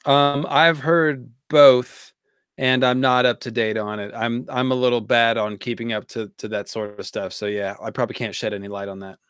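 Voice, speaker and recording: A man's voice: mid-range voice, level tone, moderate pace, a bit bright, clean tone, no echo, studio quality. A man co-hosting a live stream Q&A, teasing and joking with the host. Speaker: co-host guest.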